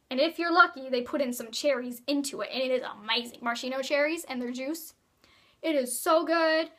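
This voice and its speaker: A woman's voice: sits high, pushed and bright. A teenage girl chatting casually in a vlog, rambling and giggly, with playful asides. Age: teens. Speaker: vlogger.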